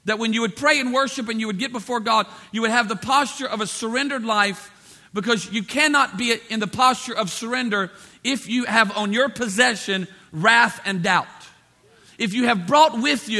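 A man with a high, bright voice preaching a sermon. He hammers his points with repeated phrases and slips into acted-out quotes of the people he describes. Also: moderate pace. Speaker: pastor.

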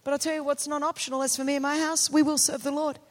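A middle-aged woman from Australia, a pastor preaching a sermon with personal stories, animated and building to passionate, shouted declarations. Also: high-pitched, fast talker.

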